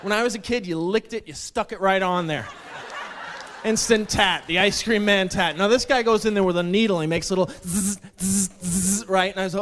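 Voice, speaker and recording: A man doing a stand-up comedy set on a club stage, deadpan and self-deprecating, slipping into mock quotes. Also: high-pitched, moderate pace. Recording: club stage with long reverb, faint noise.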